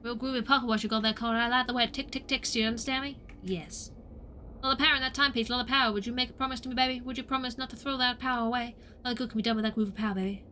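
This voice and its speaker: A woman's voice: on the high side, fairly even intonation, very fast, bright, forceful tone, slight background noise. A woman voicing a laid-back, slangy groovy hipster character in a video game.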